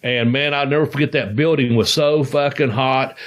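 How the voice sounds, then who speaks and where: A man's voice: medium pitch, steady tone, normal speed. A man co-hosting a podcast, a former wrestler telling rambling, profane stories and laughing as he goes. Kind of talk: casual storytelling chat.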